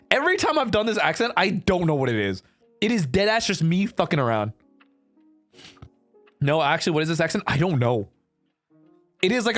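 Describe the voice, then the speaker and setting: Male streamer, casual rambling chat, swears freely, animated delivery. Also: fairly high pitch, no room sound. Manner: laid-back, rambling with fillers, swears and laughs a lot.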